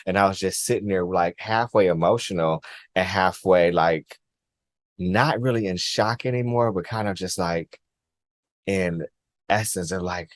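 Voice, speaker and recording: A low-voiced man tells a personal story to his viewers in an earnest, halting way. He circles back, restarts and repeats phrases, filling gaps with likes. The sound is close and dry. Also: dry recording. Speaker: vlogger.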